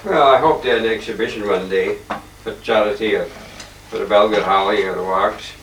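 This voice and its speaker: An older man talks his halting, wandering way through his paintings, often clearing his throat. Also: lowish voice, fairly bright tone. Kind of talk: rambling casual reminiscence. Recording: echoey room, distant mic, faint hiss.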